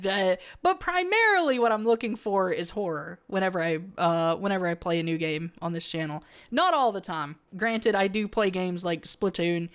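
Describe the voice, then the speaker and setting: With a clean, mid-range voice, a woman hangs out with her live stream audience, rambling through fillers and restarts. She reads viewer comments aloud and answers them as she goes.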